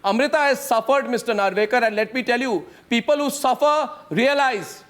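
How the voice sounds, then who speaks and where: A man's voice: very high voice, moderate pace, fairly bright tone. A man with an Indian English accent anchoring a heated televised debate, combative and repeating his phrases mockingly as he talks over his guests.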